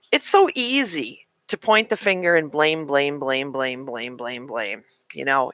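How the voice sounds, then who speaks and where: A woman's voice: fairly low pitch, sharp tone, no room sound, lo-fi sound. A woman in her late forties chatting frankly to her live-stream viewers, venting and answering comments. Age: 40s. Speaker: livestream host. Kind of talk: casual live-stream chat.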